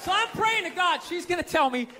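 A man's voice: extremely high pitch, animated, a little fast, pushed and bright. A male stand-up comedian ranting and swearing, telling exasperated stories to a live audience. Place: large comedy venue. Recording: live hall with crowd laughter.

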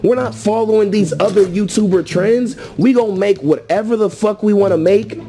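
High-voiced man trash-talking on stream. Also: normal speed, warm tone, faint music behind. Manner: boastful, taunting, laughing.

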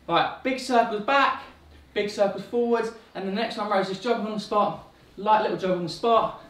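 A woman leading a playful home workout from her living room, calling out quick upbeat cues. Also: mid-range voice, a bit bright. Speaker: fitness instructor. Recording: echoey room, distant mic.

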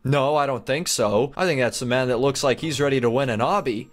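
A young man giving excited game commentary, narrating each move with gasps, laughs and chatter to his viewers. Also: mid-range voice, brisk. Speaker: gaming YouTuber.

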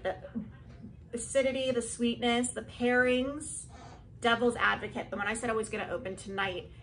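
A woman vlogging a casual product review at home, chatty and excitable as she gushes over each item. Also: on the high side, a little hiss or hum, poor audio.

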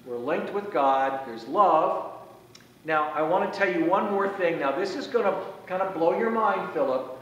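A preacher playing a patient, confiding teacher. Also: male voice, fairly high pitch, animated, unhurried, dull audio. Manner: gentle, confiding, hushed stage whisper. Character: patient, loving male teacher confiding to a follower. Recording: echoey church from far off.

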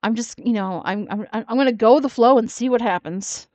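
A woman's voice: on the high side, a little fast, a little mellow, no room sound. A woman giving sassy, mocking reaction commentary on another creator's video. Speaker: commentary YouTuber.

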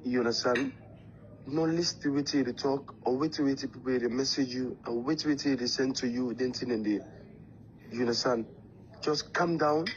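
A man's voice: medium pitch, muffled recording, slight background noise. A man with a Sierra Leonean Krio English accent leaving a private voice message, pleading and reassuring, often repeating questions to check he is understood.

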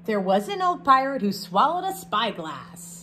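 A woman, a teacher reading a picture book aloud to her class, expressive, with chatty asides between the verses. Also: fairly high pitch, normal speed, a little hiss or hum.

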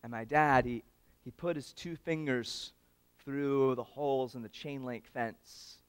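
A man giving a storytelling speech at an awards event, animated and swinging between loud and hushed moments, talking straight to the audience. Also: medium pitch, slow pace, clear, resonant tone, no room sound. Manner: addresses the audience directly.

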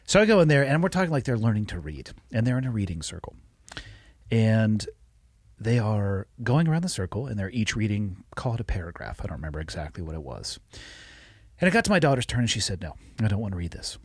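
Male podcast host, husky voice, bouncy animated delivery, cusses casually. Dry, close mic. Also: on the low side, quick pace, dry recording. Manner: profane, joking. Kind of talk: casual conversation.

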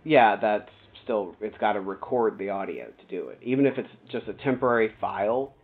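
A fairly low-voiced man streams a game and chats loosely, talking through what he sees and explaining tech things to a friend at length. The sound is thin and tinny, like it came through a phone line. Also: normal speed. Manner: chatty, explains things at length, thinks aloud while playing. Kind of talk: casual gameplay stream chat.

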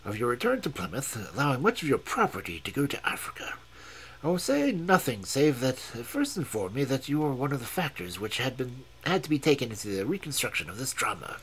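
A man reading aloud and voicing a cold, commanding male detective in a measured, stern, precise way with a husky tone. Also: mid-range voice, sing-song, a bit bright, a little hiss or hum, rough recording.

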